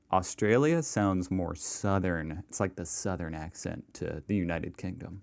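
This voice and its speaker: A low, gravelly American man chatting casually as he reacts to a video. He muses aloud and teases himself. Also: moderate pace. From United States. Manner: chatty, self-deprecating, musing aloud.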